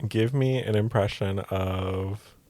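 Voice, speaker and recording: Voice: low-pitched, slow pace, a little mellow, dry recording. A young adult co-hosting a podcast, casually teasing and prompting the other host. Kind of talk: casual chat.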